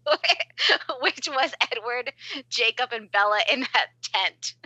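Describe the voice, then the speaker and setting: A woman with a very bright, sharp voice and a slightly high pitch. She jokes sarcastically and giggles through a casual movie chat, recorded dry and close with no room sound. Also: expressive, takes it slowly, no echo, highs cut off. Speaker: podcast co-host.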